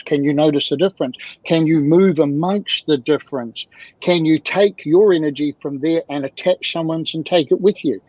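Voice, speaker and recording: A man speaking as a guest mentor in an interview, animated and fond of repeated rhetorical questions, heard through dull lo-fi audio. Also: a little high, no echo. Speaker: guest, emotional communication mentor. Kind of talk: video-call interview talk.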